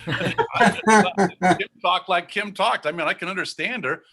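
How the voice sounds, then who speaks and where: A man from Ohio telling a personal story as a guest storyteller, animated and acting out the voices of the people in it. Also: high-pitched, takes it slowly, breathy edge. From Ohio, USA.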